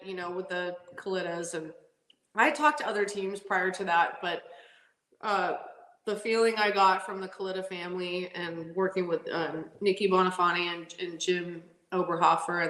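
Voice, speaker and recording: A woman race car driver, a podcast guest, telling stories in a lively, laughing way with lots of "like" fillers. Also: on the low side, moderate pace. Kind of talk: casual storytelling interview. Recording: roomy echo.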